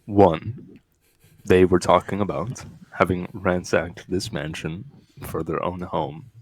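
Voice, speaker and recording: A man's voice: deep voice, steady tone, slight background noise. A man playing a tabletop game, speaking hesitantly as he declares his moves. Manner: hesitant, halting. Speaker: player. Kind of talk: casual game chat.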